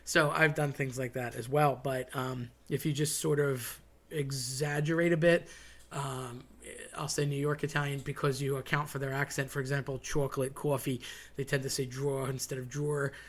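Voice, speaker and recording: A man's voice: medium pitch, steady tone, normal speed. A man hosting a casual monologue, chatty and digressive, with wry asides. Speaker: host.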